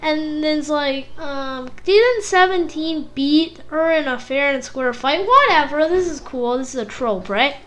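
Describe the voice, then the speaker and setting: A high-pitched woman chatting through an anime episode review. She rambles in a loose, casual way and gets excitable. She throws in lots of "like"s and copies the fight sound effects. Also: unhurried, hardly any pauses.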